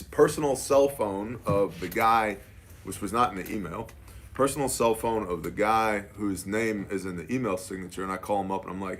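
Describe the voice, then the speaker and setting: A man with a low, husky voice tells a story casually as a business owner. He acts out every exchange, jumping between quoted voices with lively emphasis. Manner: animated, quotes dialogue with "I'm like".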